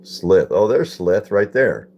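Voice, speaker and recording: A man's voice: fairly low pitch, sing-song, slow, warm tone. A man hosting a casual live stream, reading viewer comments aloud, repeating phrases and puzzling over them.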